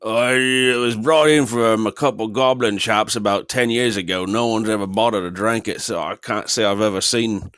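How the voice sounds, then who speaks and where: A man acting as game master, narrating a tabletop game in a slow, measured way. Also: fairly low pitch, steady tone, a bit bright, clean tone, no echo, clean studio sound.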